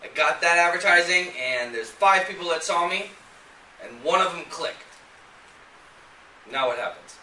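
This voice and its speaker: A high, bright-voiced man gives an animated seminar talk, getting fired up and firing questions at the room. He is picked up from a distance in an echoey seminar room, with a faint hum of ambience behind him. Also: measured pace, long pauses. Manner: animated, gets fired up, quizzes the audience. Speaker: sales seminar presenter. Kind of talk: lively seminar talk to a live audience.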